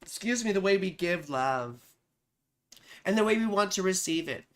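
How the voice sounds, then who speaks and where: A woman's voice: mid-range voice, lively intonation, moderate pace. A woman astrologer giving a casual live-stream reading, chatty and profane, who keeps answering her chat.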